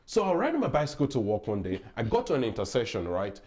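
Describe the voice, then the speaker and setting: A man, a guest on a talk show, telling a story in a lively way, laughing often and stumbling over his words. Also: medium pitch, fast talker, a crowd in the background. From Nigeria. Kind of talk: casual storytelling.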